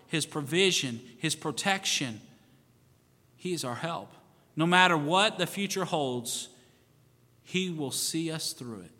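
A man preaching as pastor in a church sanctuary, pleading earnestly in a repetitive cadence during a sermon and altar call. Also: on the high side. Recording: reverberant church hall with soft music. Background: soft piano.

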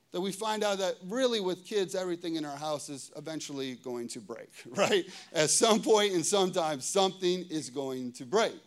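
A middle-aged pastor with a fairly high voice gives a sermon in a loose, chatty way. He tells family stories and keeps checking in with his listeners. Between anecdotes his pitch and volume swing up and down. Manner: casual, conversational, lots of "okay?" and "right?" checks with the audience; animated storytelling, pitch and volume swinging widely.

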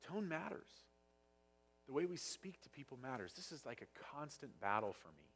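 A man preaching a sermon as pastor, passionate and sometimes loud, with a husky voice. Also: mid-range voice, sing-song, normal speed. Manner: passionate, gets loud at times. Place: church sanctuary.

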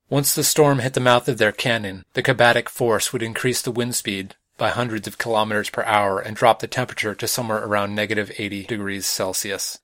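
A man narrating a science fiction audiobook in an even, measured way. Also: on the low side, dry recording, studio quality.

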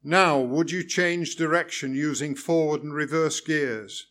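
A prickly, humourless driving examiner, as a man reads him out, clipped and pedantic, pressing heavily on each word. The voice sits a little higher and louder than the reader's own, a touch above a typical man's pitch. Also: unhurried. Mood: stiff. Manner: pedantic, clipped, over-emphatic. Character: stiff, irritable male driving examiner.

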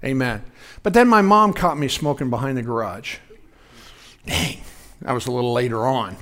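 A man's voice: medium pitch, animated, normal speed, fairly bright tone. A man in his sixties preaching a conversational sermon, folksy, telling personal stories and asking the congregation questions. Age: 60s. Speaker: pastor.

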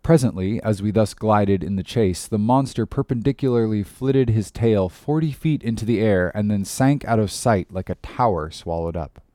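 A man narrating a classic novel in a measured, expressive reading. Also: lowish voice, dry recording, clean studio sound. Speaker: audiobook narrator. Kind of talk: scripted narration.

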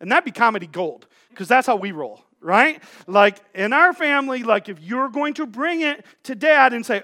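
Middle-aged male pastor, high bright voice, chatty sermon style with lots of restarts. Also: lively intonation, normal speed, hardly any pauses. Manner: casual and joking, many restarts.

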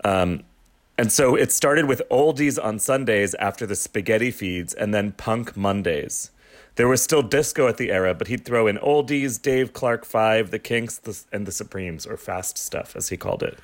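A man hosting a podcast, relaxed, telling a history in a storytelling way. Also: fairly low pitch, normal speed. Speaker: host.

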